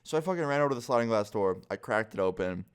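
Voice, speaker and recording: A young man tells a scary story straight to camera in a casual vlog. His voice sits a little low and comes across smooth and clear. He swears freely and fills his sentences with "like.". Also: expressive, rapid-fire. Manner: casual, heavy swearing, lots of "like". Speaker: vlogger.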